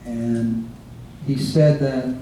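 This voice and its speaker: A man with a dark, mellow voice rambles through devotional stories, stopping and restarting as he remembers. He is picked up from a distance in a very echoey room, with a faint hiss underneath. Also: medium pitch, fairly even intonation. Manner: rambling, halting with many fillers and restarts. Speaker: guest speaker. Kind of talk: informal devotional remembrance talk. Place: devotees' home, recorded from across a room.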